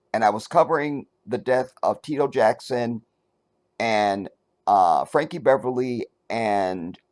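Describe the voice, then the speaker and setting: Animated man talking to his viewers. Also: mid-range voice. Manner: animated, talks straight to the viewer, asks if they follow; searches for words, many restarts and fillers. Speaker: commentary channel host. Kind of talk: casual opinion commentary.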